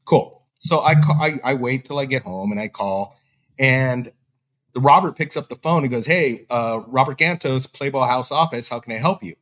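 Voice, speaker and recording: A man's voice: medium pitch, normal speed. A man telling a story in casual talk, acting out the voices of the people he quotes. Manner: animated, acts out quoted dialogue. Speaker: podcast guest.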